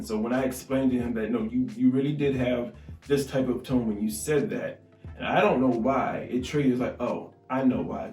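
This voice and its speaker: A man co-hosting a podcast, speaking calmly and reflectively about his relationship. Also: mid-range voice. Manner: calm, reflective, frequent agreeing and laughs. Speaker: podcast co-host. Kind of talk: casual chat about their relationship. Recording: roomy echo, mic at a distance, faint music.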